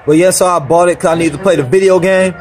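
A man's voice: high-pitched, steady tone, fast talker, darkish tone. Angry, foul-mouthed man repairing electronics. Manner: angry, swearing constantly, rambling. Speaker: vlogger repairing a console power supply. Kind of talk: profane casual repair vlog.

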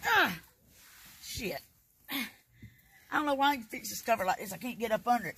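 A woman's voice: a little high, lively intonation, moderate pace, long pauses, noisy background. An older grandmother cursing and grumbling inside a tent, recorded on a phone. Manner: cursing, cranky, threatening in jest. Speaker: grandmother on a camping trip. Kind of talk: profane grumbling in a home video.

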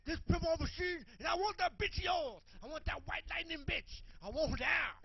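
A man voicing a brash, menacing male boxer who shouts swaggering trash talk. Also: very high voice, a little fast, vocal fry, muffled recording. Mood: taunting.

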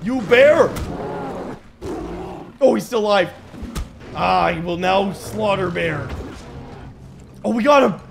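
A man giving jokey, excitable commentary while playing a video game, yelping and shouting when he panics. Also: sits high, slow pace, vocal fry, pauses often, noisy background. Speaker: gaming YouTuber. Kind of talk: gameplay commentary. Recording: game music behind voice.

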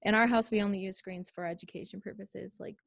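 A woman's voice: medium pitch, fairly even intonation, quick pace, creaky, no echo. Supportive woman host, dry close sound. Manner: agreeable, supportive listener. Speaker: podcast host. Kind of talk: podcast conversation.

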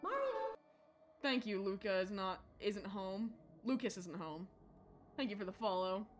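A woman streamer chatting through a horror game, swinging between shouted insults and quiet mumbling asides, rambling and joking with her chat. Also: mid-range voice, moderate pace, faint music behind.

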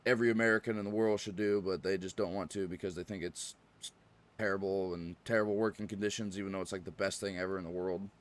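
A man streaming a farming game, chatting casually and rambling, often clearing his throat. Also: low voice, steady tone, fast talker. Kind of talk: casual live-stream chat.

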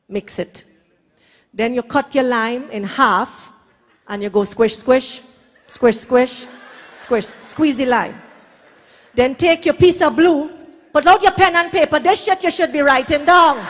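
A Trinidadian woman doing bawdy live stand-up comedy, brash storytelling with shouted punchlines on a hall stage. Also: high-pitched.

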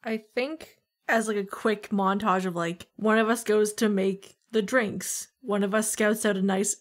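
A woman playing a tabletop game, pitching ideas casually with many fillers. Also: steady tone, a little slow. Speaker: player.

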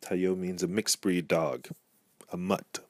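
Slow, careful male language teacher. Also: low-pitched, steady tone, no echo. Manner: slow, careful, repeats each word twice. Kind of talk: alphabet pronunciation lesson.

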